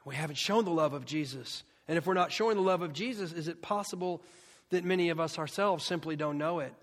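A man's voice: a little high, fast talker. A man preaching a sermon with passion, asking the crowd questions and repeating his phrases for weight. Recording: long hall reverb.

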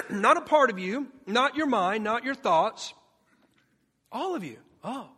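A man preaches with fervor, pitched high, leaning on rhetorical questions and repeated lines. His voice carries through a large church, trailing a long echo off the walls. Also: animated, takes it slowly, bright, forceful tone, slightly rough. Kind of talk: sermon. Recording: long hall reverb.

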